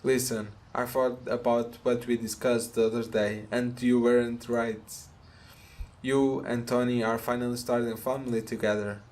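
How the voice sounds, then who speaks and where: A man's voice: mid-range voice, little pitch movement, moderate pace, darkish tone, close to an everyday voice. A man voicing a meek young hero who stammers and apologizes while reading game dialogue aloud. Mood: earnest. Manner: hesitant, stammering.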